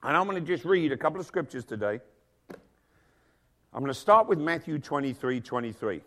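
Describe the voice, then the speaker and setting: Male pastor, middle-aged, emphatic sermon, slightly high voice, church congregation. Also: lively intonation, brisk, a bit bright. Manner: emphatic preaching with rhetorical questions.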